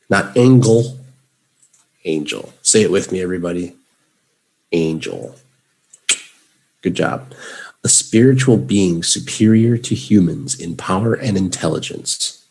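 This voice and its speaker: A man with a Chicago accent, from Chicago, teaches English words in a live session and gets his students to say them back. His fairly low voice carries vocal fry and sounds a little mellow and slightly rough.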